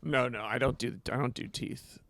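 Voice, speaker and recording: A man co-hosting a podcast in casual chat, animated, now and then shouting out impressions. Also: mid-range voice, moderate pace, gravelly, no echo. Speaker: podcast co-host.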